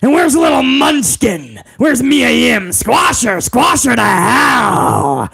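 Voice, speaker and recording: A man doing a mocking impression of a blustering old male company boss who shouts orders. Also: very high-pitched, very animated, slow, heavily acted. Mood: gleeful shouting. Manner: shouting, raspy, gleeful bellowing.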